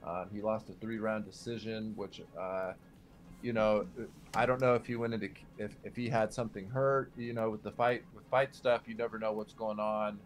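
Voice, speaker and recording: A man's voice: on the low side, level tone, normal speed. A man co-hosting a casual sports betting podcast, hesitant and heavy on ums and uhs. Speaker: podcast co-host.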